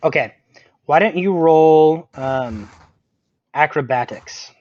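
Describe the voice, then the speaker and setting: A man's voice: on the high side, slow, no room sound. Man running a tabletop game, lo-fi. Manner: chatty, laughs often, fills with um. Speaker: game master. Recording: dull lo-fi sound, dry room.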